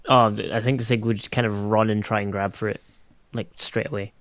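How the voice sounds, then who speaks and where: A man's voice: on the low side, steady tone, normal speed, a bit bright, dry recording. A man playing a tabletop role-playing game, describing his character's actions tentatively with lots of "I think" and "kind of". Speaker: player.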